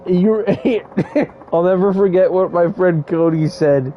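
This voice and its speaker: A man's voice: high voice, takes it slowly, lo-fi sound, slight background noise. A man casually commenting on a game he plays, rambling into crude, joking stories. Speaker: gaming streamer. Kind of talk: casual let's-play commentary.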